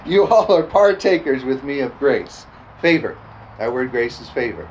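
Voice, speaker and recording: A man preaching a lively sermon, often calling out "amen?" and joking with the congregation. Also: mid-range voice, unhurried. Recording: dull lo-fi sound with faint background noise.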